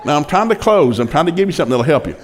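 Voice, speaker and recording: A man's voice: fairly high pitch, lively intonation, racing, a crowd in the background, background noise. An older man preaching a sermon, telling a funny story in a folksy, chuckling way. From rural Oklahoma.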